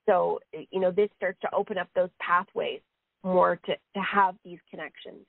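A woman's voice: on the low side, fairly even intonation, normal speed, gravelly, no room sound. A woman working as a psychic medium on a live radio show, relaying messages in a rambling way with frequent "he says.". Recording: phone-line sound, dry.

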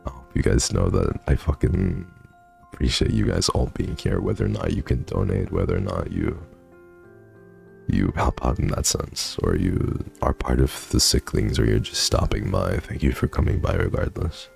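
Sleepy gravelly deep-voiced man. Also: expressive, normal speed, faint music behind. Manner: sleepy, warm, swears casually. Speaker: streamer. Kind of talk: casual chat reading donations.

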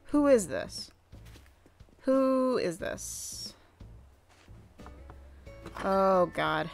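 A young woman chatting casually over her gameplay, excitable, squealing and swearing at what happens on screen. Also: mid-range voice, very slow, creaky, pauses often, soft background music. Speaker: gaming channel host.

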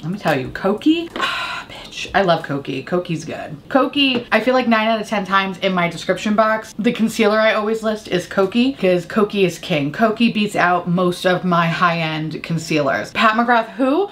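A woman beauty vlogger chatting casually as she does her makeup and tells a story, candid, profane and quick to laugh. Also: mid-range voice, expressive, a bit bright.

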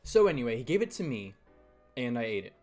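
A man's voice: medium pitch, very animated, fast, darkish tone, faint music behind. A young man casually telling a rambling camp story, often correcting himself and acting out quotes. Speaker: storytelling vlogger.

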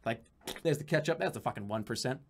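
A man's voice: mid-range voice, lively intonation, fast talker, slight background noise. A man from the United States streaming live, chatting casually in a rambling, profane, joking way with many restarts.

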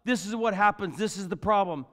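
A man preaching a sermon as the pastor, telling a Bible story in an animated way and acting out the characters with jokey asides. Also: high-pitched, fairly quick. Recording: church hall with long reverb.

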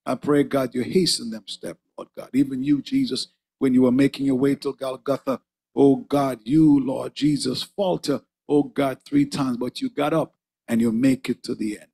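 A man's voice: mid-range voice, normal speed, gravelly, dark tone, slightly rough. A man preaching and praying fervently in a church, repeating "oh God" between phrases. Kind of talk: sermon and prayer. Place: church sanctuary.

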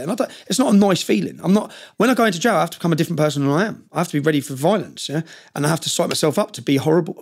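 Man, middle-aged, rapid speech, somewhat high voice, intense, storytelling podcast guest. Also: vocal fry. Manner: intense, rapid, keeps checking in with "yeah?". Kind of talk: storytelling in conversation.

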